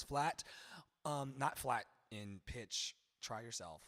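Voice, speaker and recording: A man teaching a live-streamed singing lesson, animated, breaking into sung lyric lines to demonstrate. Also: medium pitch, slow, in a large hall.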